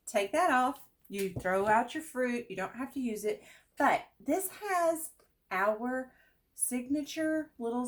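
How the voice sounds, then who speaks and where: Middle-aged woman, bouncy animated pitch, chatty host demo, faint room noise. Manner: chatty, upbeat, lively pitch. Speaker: product demonstrator. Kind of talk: casual product demo.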